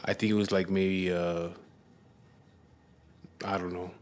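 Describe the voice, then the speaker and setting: A man's voice: low-pitched, level tone, a little mellow. A man telling a story in a casual, blunt way, full of swearing, stumbling and repeating himself as he goes. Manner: blunt and heavily profane; halting restarts and repeated words. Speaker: storyteller recounting his past.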